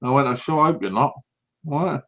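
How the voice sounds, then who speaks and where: A British man co-hosting a casual podcast, telling lively anecdotes and acting out what other people said. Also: mid-range voice, brisk. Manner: animated anecdotes, acts out other people's lines. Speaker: podcast co-host. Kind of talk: casual chat, storytelling. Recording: dull lo-fi recording.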